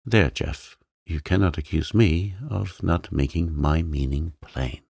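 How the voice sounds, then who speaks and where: A proud young woman speaks her heart plainly and steadily, as a man reading the tale puts her on. The delivery stays slow and unhurried, with a faint gravelly grain beneath the lifted voice. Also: rumbling low, a little mellow, no room sound, clean studio sound, heavily acted. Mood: tender, frank.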